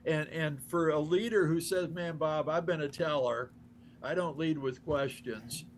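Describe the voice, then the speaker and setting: A man's voice: fairly high pitch, unhurried, slight background noise. An older man, a guest on an interview, telling stories with enthusiasm, acting out quoted dialogue and laughing often. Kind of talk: animated storytelling in conversation.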